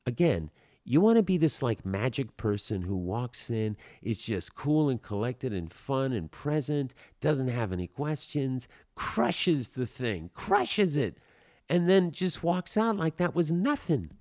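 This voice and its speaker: A man's voice: mid-range voice, sing-song, a little slow, darkish tone, no room sound, studio quality. A man hosting a podcast, giving blunt, emphatic advice in a casual monologue with a wry edge.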